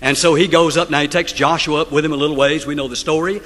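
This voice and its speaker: A man's voice: a little high, fairly even intonation, fast talker, fairly bright tone. A man preaching a sermon, telling the story dramatically and putting rhetorical questions to the congregation. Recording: long hall reverb.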